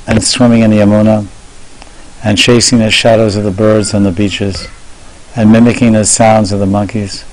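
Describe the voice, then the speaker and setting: Low-voiced man giving a devotional talk. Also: a little mellow, rough recording. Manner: measured storytelling, slows down to stress words. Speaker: monk lecturer. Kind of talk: devotional sermon.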